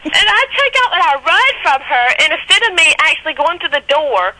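A woman's voice: very high voice, lively intonation, moderate pace, sharp tone. A woman in her thirties from Florida, calling in to a radio show and chatting casually, laughing often as she tells a story over a phone line. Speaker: caller.

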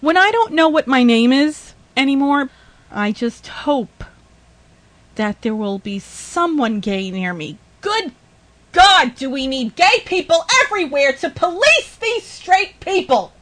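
High-voiced woman ranting indignantly. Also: very animated, measured pace, a bit bright, dry recording. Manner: indignant, swears, rambling with laughs and sighs. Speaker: podcast host. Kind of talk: ranting monologue.

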